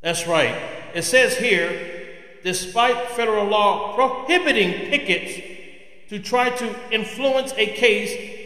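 A man's voice: high voice, slow pace, pushed and bright. A man hosting a solo opinion podcast, ranting indignantly and firing off rhetorical questions. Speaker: podcast host. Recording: echoey room with long reverb.

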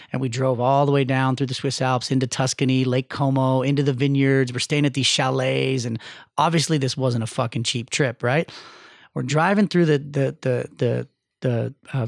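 A man's voice: mid-range voice, creaky, dry recording, clean studio sound. A man guest on a podcast, telling a personal story candidly and with plenty of profanity. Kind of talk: casual interview storytelling.

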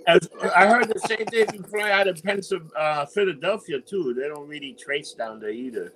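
A man's voice: a little high, animated, brisk, noisy background. A man co-hosting a podcast, talking bluntly and with profanity in casual chat. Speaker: podcast co-host.

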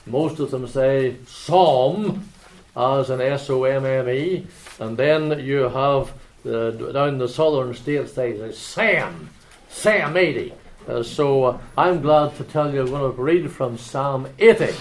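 A man with an Ulster accent preaching in a church, chatting with anecdotes and then reading scripture in a measured, solemn way. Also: mid-range voice, steady tone, a little mellow. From Northern Ireland.

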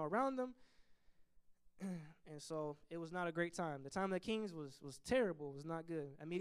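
A man leading a Bible study, teaching in an animated way and acting out biblical figures in quick asides. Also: high voice, clear, resonant tone.

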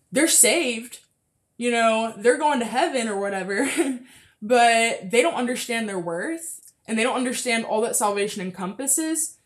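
A young woman hosting a casual faith podcast, chatty and full of fillers, a little out of breath close to the mic. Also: a little high. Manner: chatty, frequent fillers and laughs. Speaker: podcast host.

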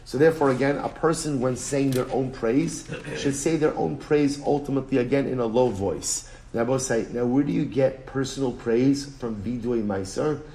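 A rabbi gives a Talmud class in a mid-pitched man's voice. He talks with energy and stresses points by repeating them. His English is full of Hebrew and Aramaic terms. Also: normal speed, hardly any pauses. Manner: animated, emphatic, repeats phrases, switches between English and Hebrew-Aramaic terms. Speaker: rabbi teaching daily Talmud page. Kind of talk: Talmud lecture.

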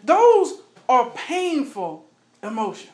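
High-voiced man teaching in an echoey room. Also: wildly swooping pitch, slow. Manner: earnest, asks the group questions. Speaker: Bible study leader. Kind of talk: conversational Bible teaching.

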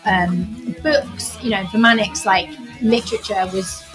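A woman's voice: medium pitch, a little slow. A woman co-hosting a casual chat, talking with passion and enthusiasm about music. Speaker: podcast co-host.

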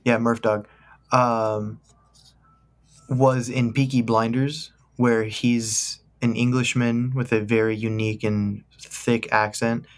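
A man's voice: mid-range voice, little pitch movement, takes it slowly. A young man co-hosting a podcast, talking casually in a joking, rambling, enthusiastic way. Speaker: podcast co-host. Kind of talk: casual chat.

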